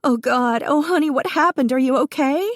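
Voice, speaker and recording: A woman's voice: fairly high pitch, unhurried, darkish tone, no room sound, clean studio sound, voice pushed up. A woman narrator voicing a panicked young woman whose voice is choked with fear. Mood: frantic. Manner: frantic, pleading, voice choked with fear. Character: young mother, terrified for her brother.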